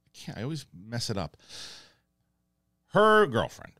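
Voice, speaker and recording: A male host giving an excited, rambling spoken review of a TV episode and acting out lines as he goes. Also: medium pitch, measured pace, no echo, clean studio sound.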